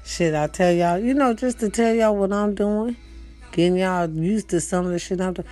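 Mellow-voiced woman chatting casually at home. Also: mid-range voice, moderate pace, faint music behind. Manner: chatty and profane, talks straight to viewers. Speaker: livestream host. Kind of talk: casual chat. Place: at home, indoors.

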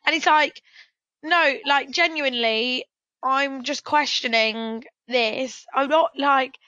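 A woman's voice: sits high, slow pace, pushed and bright, no room sound, lo-fi sound. A British woman hosting a podcast, chatty and hedging with lots of "like". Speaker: podcast host. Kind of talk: casual chat.

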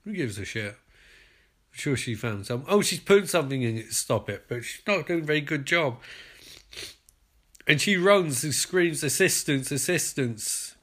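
British male podcaster, animated pitch, bit higher than most, sarcastic running commentary, swears freely. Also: normal speed, long pauses. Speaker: podcast host.

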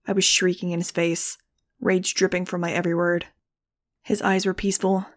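Woman reader for first-person fiction; low-pitched, level, measured and grave. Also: flat delivery. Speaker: audiobook reader. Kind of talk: first-person audiobook narration.

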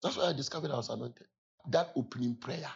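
A man preaching a sermon, telling stories from his past with sudden loud exclamations and laughter. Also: mid-range voice, fast talker, vocal fry, slightly rough, muffled recording. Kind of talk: sermon storytelling.

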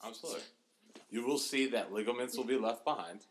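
A man co-hosting a casual podcast chat, talking with animated, exaggerated disgust and drawn-out groans. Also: mid-range voice, slight background noise. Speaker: podcast co-host.

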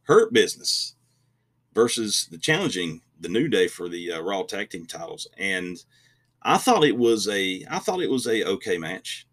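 A man's voice: deep voice, sing-song, moderate pace, a bit bright. A man co-hosting a casual wrestling podcast, rambling and opinionated, often restarting his sentences. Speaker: podcast co-host.

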